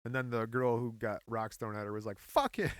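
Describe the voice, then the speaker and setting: A man's voice: mid-range voice, flat delivery, normal speed, dry recording, studio quality. A man co-hosting a casual podcast, telling a story with playful teasing asides. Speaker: podcast co-host. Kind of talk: casual chat.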